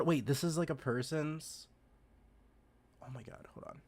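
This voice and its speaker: A streamer chatting on a livestream in an excitable, gushing, giggly way. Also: medium pitch, measured pace. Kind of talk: livestream reaction chat.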